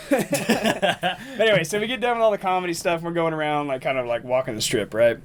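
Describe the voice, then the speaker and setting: A man's voice: on the high side, a little fast, fairly bright tone, a little hiss or hum. A man co-hosting a podcast, telling a rambling, profane story in casual chat and laughing often. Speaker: podcast co-host.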